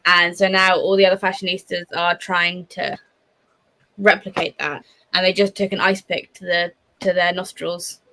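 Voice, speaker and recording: Woman host, bright and animated, chatty livestream energy. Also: on the low side, normal speed, poor audio. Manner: bubbly, animated, reads chat comments aloud. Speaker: host of a reading stream. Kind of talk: casual chat.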